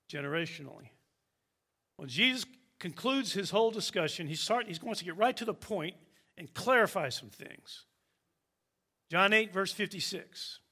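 A man preaching a sermon, slow and emphatic, with dramatic pauses. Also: high-pitched, bright, forceful tone.

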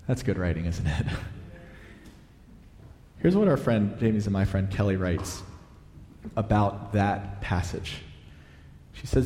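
A male preacher giving a sermon in a relaxed, conversational way, with fillers and self-corrections, sometimes reading aloud from a book. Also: on the low side, slow, long pauses. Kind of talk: sermon with read-aloud story. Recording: echoey hall.

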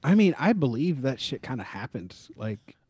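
A man co-hosting a casual chat, rambling with lots of fillers and quick laughs. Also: mid-range voice, sing-song, warm tone, breathy edge, no room sound. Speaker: podcast co-host.

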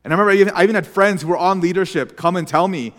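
A young male pastor preaches in an earnest, confessional way, often restarting his sentences. His voice sits high for a man. It carries a long reverb from a large church hall. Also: rapid-fire. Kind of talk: sermon.

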